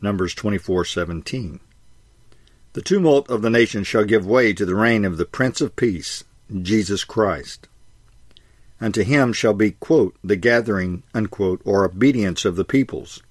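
A man reading a scripted sermon in a measured way, slowing for emphasis and saying each quotation and verse reference aloud. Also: on the low side, no room sound, clean studio sound. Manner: measured, slows for emphasis, reads citations aloud. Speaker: preacher.

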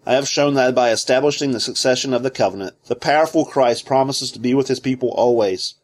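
Man reading theology with measured delivery. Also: mid-range voice. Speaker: reader of a theology book. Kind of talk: scripted narration.

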